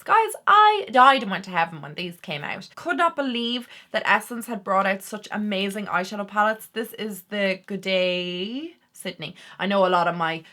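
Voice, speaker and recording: A bright, crisp-toned young woman chats through a makeup review. She talks casually and eagerly, with quick asides tumbling out as she goes. Her voice sits at an ordinary middle pitch. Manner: chatty, enthusiastic, quick asides. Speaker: beauty vlogger.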